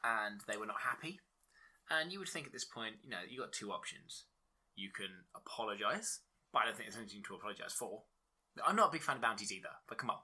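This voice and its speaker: A man co-hosting a casual podcast, swearing often and laughing through animated banter. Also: lowish voice, quick pace, husky. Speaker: podcast co-host.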